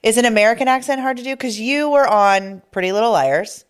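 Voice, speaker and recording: A woman hosting a podcast, talking in an animated way and swearing casually. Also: a little high, fairly quick, clear, resonant tone. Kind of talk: casual chat.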